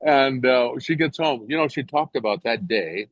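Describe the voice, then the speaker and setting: An older man from England tells his showbiz stories with animated energy, switching into other people's voices as he quotes them. His middle-pitched voice comes through dry and slightly dull, like remote interview audio. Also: normal speed, no echo. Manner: animated storyteller, jumps to high voices when quoting others. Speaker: actor guest. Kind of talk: casual anecdote telling.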